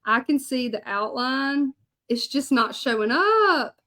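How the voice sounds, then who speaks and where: A woman's voice: high-pitched, expressive, takes it slowly, sharp tone. Chatty woman painting a sign. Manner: chatty, rambling, self-deprecating, answers viewer comments. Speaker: hand lettering artist and channel host. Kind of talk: casual chat while painting, talking to viewers. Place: home craft studio.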